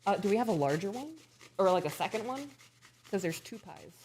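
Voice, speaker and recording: A woman of ordinary pitch chats away to her viewers while baking in her home kitchen. She is casual and self-deprecating and keeps up a running commentary on what she is doing. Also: animated, fairly quick, darkish tone, slight background noise. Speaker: show host.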